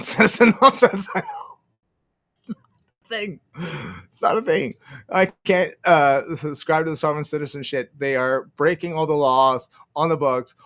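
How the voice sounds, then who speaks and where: A male streamer rants in a loose, profane and sarcastic way, laughing often and reading out his chat. His voice sits a little high and swings widely in pitch as he talks. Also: fairly bright tone. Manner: reads out and answers chat. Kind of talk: ranting livestream commentary.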